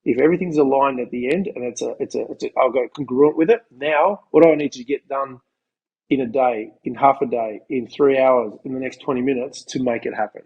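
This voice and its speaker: Husky-voiced man explaining on a podcast. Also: mid-range voice, brisk, muffled recording. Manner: explanatory, coaching tone with restarts. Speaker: podcast co-host. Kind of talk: conversational podcast chat.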